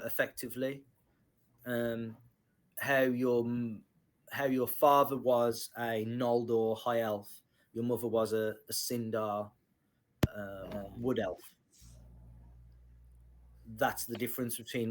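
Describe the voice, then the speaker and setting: A game master lays out the fantasy world for his tabletop players in a steady, medium-pitched voice. He speaks slowly and hesitantly, often restarting and filling gaps with "um."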